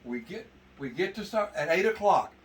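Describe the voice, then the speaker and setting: A man telling an animated story to a men's meeting, laughing as he talks. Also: high-pitched, normal speed. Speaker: testimony speaker at men's meeting. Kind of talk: casual storytelling to a group. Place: indoor meeting room. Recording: distant mic with background noise.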